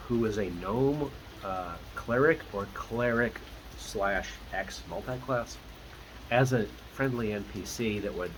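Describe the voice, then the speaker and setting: A man's voice: mid-range voice, low-quality recording. A man running a casual campaign recap as dungeon master, his voice swinging up and down as he talks. He chats with lots of asides and keeps a friendly, unscripted tone. A faint hum sits behind him. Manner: chatty and animated, with lots of asides.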